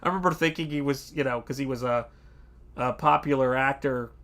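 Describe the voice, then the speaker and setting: A man's voice: mid-range voice, steady tone, a bit bright. A man hosting an art channel, chatting casually and rambling, with many fillers and restarts. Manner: does quick pirate voices in quotes. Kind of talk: casual livestream chat.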